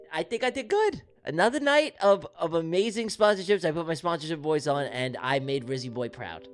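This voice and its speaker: A man's voice: fairly high pitch, animated, a little fast, hardly any pauses. A man hosting a trading livestream, talking in a rambling, affectionate, repetitive way. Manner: rambling, affectionate, repeats himself. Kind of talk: casual live-stream chat.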